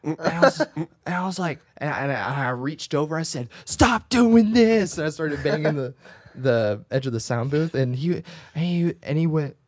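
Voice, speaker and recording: Guy on a podcast spilling a story, animated, laughs a lot, dry close mic. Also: on the high side, moderate pace, dry recording. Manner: animated anecdotes with laughing asides. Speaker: podcast co-host. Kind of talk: casual storytelling chat.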